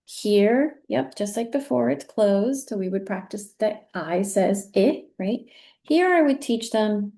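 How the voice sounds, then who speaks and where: A woman's voice: medium pitch, lively intonation, slow, gravelly, mellow. A woman leading a recorded teacher training, walking through examples patiently and encouraging with frequent praise.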